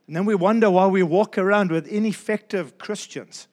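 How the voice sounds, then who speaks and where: Emphatic high-voiced male pastor preaching. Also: darkish tone. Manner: emphatic, repeats key phrases, slows down for stress. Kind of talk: sermon.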